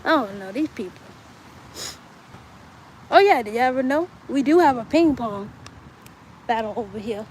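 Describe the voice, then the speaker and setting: A young woman with a high voice chats to her viewers on a casual livestream. She rambles from one thought to the next in an easygoing, conversational way. She is streaming from outdoors in bright sunlight. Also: expressive, normal speed, long pauses, a little hiss or hum, low-quality recording. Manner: rambling, chatty, talks to viewers.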